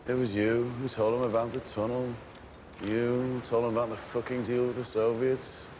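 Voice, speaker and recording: An actor playing a cold, controlled gang boss who speaks in a measured, clipped, menacing way. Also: male voice, mid-range voice, little pitch movement, highs cut off, background noise, close to an everyday voice. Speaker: gang leader. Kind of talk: TV crime drama acting.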